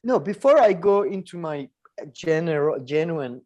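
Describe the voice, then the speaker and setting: A man co-hosting a podcast in casual chat, telling stories in a rambling, animated way and often laughing. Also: fairly high pitch, a little slow. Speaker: podcast co-host.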